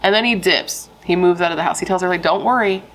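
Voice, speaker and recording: A woman's voice: lowish voice, fairly even intonation, fast, a bit bright, rough recording. A woman telling a true crime story in a casual, frank, chatty way, swearing freely and using lots of fillers.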